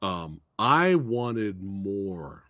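A man hosting a casual movie discussion, retelling scenes in an animated way and acting out the characters' lines. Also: on the low side, very slow, no echo, clean studio sound. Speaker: podcast host.

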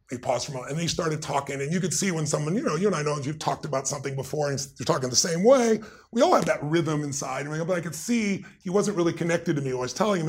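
A middle-aged man, a guest in a conversation, telling stories in an emphatic, animated way with a gravelly, raspy voice. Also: on the high side. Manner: emphatic, swings into loud excited retellings.

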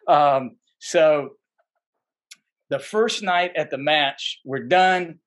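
Fairly high in pitch and slow in delivery, this male podcast guest spins rambling, easygoing stories packed with fillers and false starts. Quoting people brings him to life.

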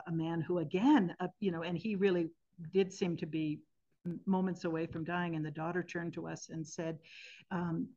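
Lowish voice, woman in her 60s, earnest and thoughtful storytelling, bit muffled audio. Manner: thoughtful, earnest, with gentle restarts. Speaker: guest, end-of-life singer. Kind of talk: reflective interview storytelling. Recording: slightly muffled podcast audio.

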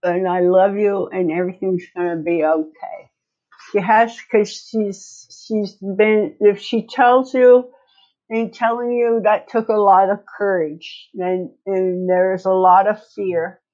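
A middle-aged woman co-hosting a casual podcast, speaking gently and reassuringly. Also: mid-range voice, fairly even intonation, slow pace, dull audio. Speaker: podcast co-host.

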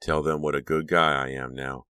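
Wisecracking teen boy, voiced by a man, soft, very deep voice, dry sound. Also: level tone, normal speed, smooth, dry recording. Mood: joking. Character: teenage boy, joking and easygoing.

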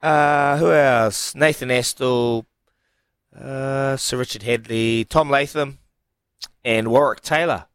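A man's voice: mid-range voice, steady tone, takes it slowly, a bit bright, clean tone, no echo, studio quality. A man co-hosting a radio show, easygoing and slangy with chuckles. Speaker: radio co-host. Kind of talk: casual radio banter.

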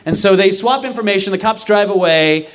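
A young man telling a story to a live audience, animated and self-mocking, acting out the people he quotes. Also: high voice, brisk.

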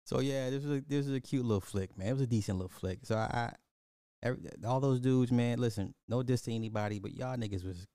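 A man giving a blunt, animated movie review in casual chat, talking straight to his viewers. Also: medium pitch, fast, clear, resonant tone, no room sound, clean studio sound.

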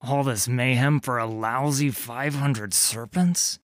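A man voicing a menacing tattooed male corsair, gruff and snarling. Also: medium pitch, steady tone, slow pace, no echo, clean studio sound, lightly acted. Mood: scornful.

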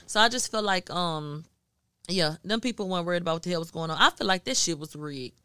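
A woman from Houston tells her story on a podcast, swearing freely and acting out what people said. Her voice sits a little low, yet it comes across bright and clean. The sound is dry and close, with no room around it. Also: fast talker, clean tone, dry recording. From Houston, Texas. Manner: profane, animated storytelling with acted-out quotes. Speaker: guest media journalist. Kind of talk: casual podcast chat.

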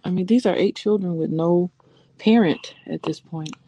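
A woman's voice: lowish voice, moderate pace, warm tone, highs cut off. A woman co-hosting a casual live-stream chat as a relationship therapist, thoughtful and hesitant, with fillers.

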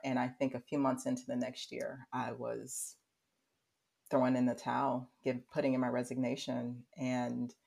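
A woman's voice: very deep voice, vocal fry, breathy edge. A woman in her thirties, a podcast guest, telling a story in casual chat and acting out what people said. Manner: animated storyteller who acts out quotes and laughs often.

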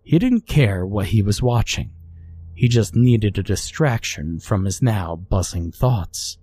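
A man narrating a scripted horror story in a slow, measured, brooding way. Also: lowish voice, animated, dark tone, breathy edge.

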